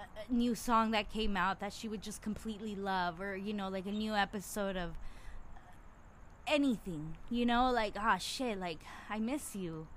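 Young woman, solo casual monologue, fiery and profane, faint noise floor. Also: mid-range voice. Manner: animated, swears freely, gets worked up. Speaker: podcaster.

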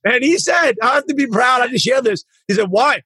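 Podcast host, male, husky and quick, rambling chat. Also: very high voice, expressive, pushed and bright, no echo. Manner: rambling, self-correcting, proud father. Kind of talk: casual interview chat.

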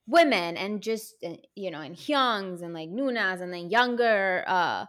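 A woman's voice: medium pitch, expressive, measured pace, a bit bright. A woman co-hosting a podcast in casual chat, rambling and restarting her sentences with many fillers. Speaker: podcast co-host.

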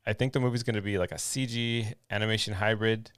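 Low-voiced man in casual movie chat. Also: steady tone, fast, a bit bright, no room sound, studio quality. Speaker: podcast co-host.

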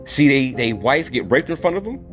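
A man's voice: mid-range voice, big pitch swings, moderate pace, soft background music. A man from New City, hosting a podcast monologue in a blunt way, repeating words for emphasis. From New York City. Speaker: podcast host. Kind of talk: opinionated monologue.

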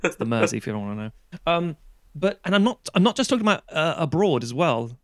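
A sardonic English man rants through a casual film podcast, swearing freely. His voice sits a touch high for a man. The recording is close and dry, with no room echo. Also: big pitch swings, fast. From England. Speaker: podcast co-host. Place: Norwich.

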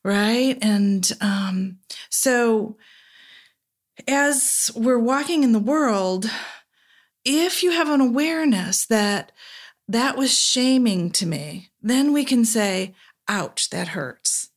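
A woman's voice: a little high, animated, takes it slowly. Woman therapist talking reflectively. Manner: reflective, acts out quoted voices softly. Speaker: therapist guest. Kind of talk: casual podcast conversation.

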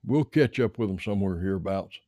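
A man's voice: low voice, expressive, a little fast, mellow, no room sound, studio quality. A man voicing a weary, bearded Confederate soldier in a story, laconic with a folksy drawl.

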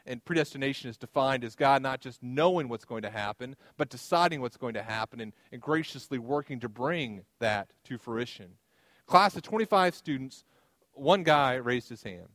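A man's voice: medium pitch, a bit bright, no room sound. A man delivering a sermon as pastor, in a conversational style with personal stories and light humor.

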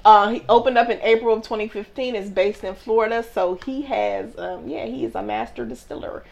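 A woman hosting a casual chat, talking in an animated, emphatic way and laughing often as she tells stories and reads out shout-outs. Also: a little high, brisk, vocal fry. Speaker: podcast host.

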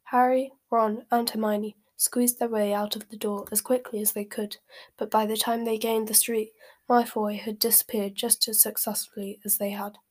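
A woman's voice: a little high, flat delivery, moderate pace, darkish tone. A woman reading a novel aloud who stumbles over words and corrects herself. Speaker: reader.

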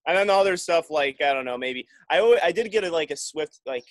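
A man's voice: a little high, expressive, quick pace, no room sound. A man talking in a loose, rambling way as a podcast guest, often restarting his sentences. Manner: rambling, restarts with many likes. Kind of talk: casual chat.

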